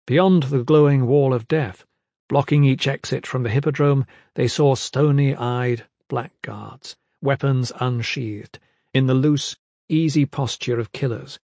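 A man giving a measured, dramatic scripted narration of a fantasy audiobook, mid pitch, recorded dry and close. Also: fairly even intonation, a little mellow, no echo.

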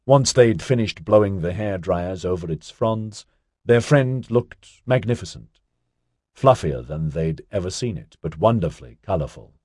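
A man narrating an audiobook in a steady storytelling manner. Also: low-pitched, unhurried, no echo, studio quality. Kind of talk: scripted narration.

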